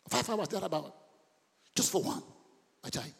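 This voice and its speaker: A man preaching a passionate sermon as a pastor in church, building from quiet storytelling up to shouts. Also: high-pitched, very animated, moderate pace, gravelly, pauses often, slightly rough, big-room sound. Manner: impassioned preaching, rising to shouts.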